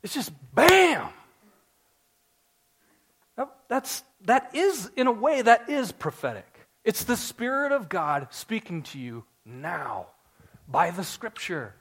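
A man in his forties preaching a sermon to his congregation, earnest and story-driven, building to excited emphasis. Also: high-pitched, measured pace, breathy edge. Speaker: pastor.

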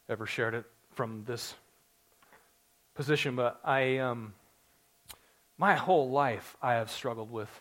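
A man in his forties preaching a sermon to his congregation, earnest and story-driven, building to excited emphasis. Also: mid-range voice. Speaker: pastor.

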